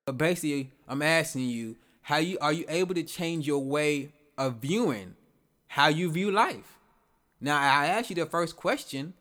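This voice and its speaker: A man's voice: on the high side, a bit bright. A man hosting a podcast, talking through his ideas in a loose, rambling monologue, repeating himself and asking rhetorical questions. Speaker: podcast host. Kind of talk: casual reflective monologue.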